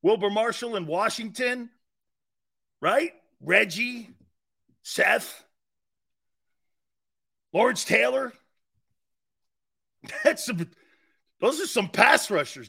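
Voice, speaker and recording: A man's voice: sits high, creaky, bright, forceful tone. A man hosting a sports talk show, brash and profane, rambling and talking straight to his listeners, edgy from short sleep. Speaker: sports radio host.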